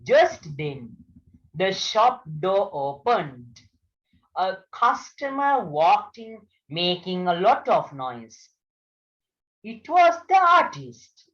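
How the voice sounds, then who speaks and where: A woman's voice: medium pitch, very animated, very slow, fairly bright tone. A woman from Sri Lanka, a teacher reading a story aloud and repeating words carefully for her students in an online video class. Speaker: English teacher. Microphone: video call. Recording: dull lo-fi online class audio.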